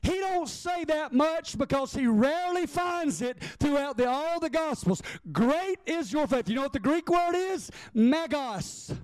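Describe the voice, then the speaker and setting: A man preaching a sermon, impassioned and rising to shouts before dropping to hushed prayer. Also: very high-pitched, expressive, a little slow, hardly any pauses, dry recording, studio quality.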